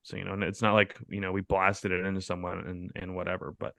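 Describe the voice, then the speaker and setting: A man's voice: sits low, monotone, fast talker, vocal fry, pushed and bright, dry recording. A man co-hosting a podcast, telling a story in casual chat with lots of swearing and laughter. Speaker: podcast co-host.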